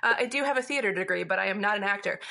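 A woman's voice: medium pitch, rapid-fire, gravelly, sharp tone, slight background noise. A woman from St. Louis, a wedding planner guest on a podcast, wry and outspoken. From St. Louis, Missouri. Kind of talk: casual podcast interview.

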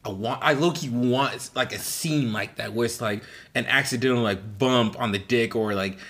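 A man's voice: medium pitch, moderate pace, fairly bright tone. A young man co-hosting a podcast, chatting casually and rambling, full of restarts and laughter. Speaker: podcast co-host. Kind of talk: casual chat.

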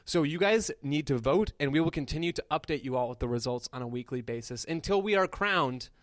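A man's voice: on the high side, animated, brisk, dry recording, clean studio sound. A young man co-hosting a casual comedy podcast, playful and rambling, fond of mock-grand phrasing. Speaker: podcast co-host.

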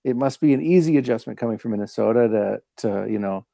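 Man, podcast host, mellow tone, relaxed chatty questions, dry close sound. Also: medium pitch, fast, creaky, no echo. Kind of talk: casual podcast chat.

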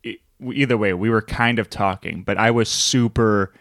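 A man's voice: fairly low pitch, steady tone, moderate pace, fairly bright tone, dry recording, clean studio sound. A young man casually co-hosting a podcast, telling stories in a rambling, self-interrupting way. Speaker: podcast co-host. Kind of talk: casual chat.

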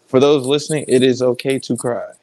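A man with an average-pitched voice joins a podcast chat while walking around at work. He sounds a bit winded as he talks things through in a reflective way. His pauses and light laughs keep the tone relaxed. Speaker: podcast co-host.

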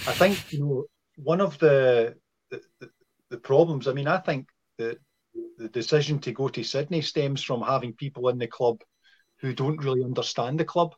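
A man's voice: medium pitch, normal speed, darkish tone, husky, highs cut off. A Scottish man, a podcast guest, arguing his point with passion and repeating words as he builds it. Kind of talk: casual football podcast chat.

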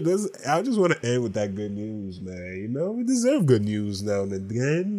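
A man's voice: mid-range voice, sing-song, normal speed, hardly any pauses, dark tone. A man hosting a casual solo podcast while sick with a cold, sounding nasal and congested, rambling loosely and correcting himself as he goes. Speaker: podcast host.

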